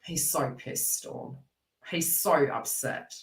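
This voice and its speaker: Low-voiced lady doing a card reading, rambly and earnest, calls people by name, echoey room, sounds a bit far from the mic. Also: takes it slowly. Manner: rambling, earnest, talks straight to viewers by name. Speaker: psychic card reader. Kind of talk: live twin flame card reading.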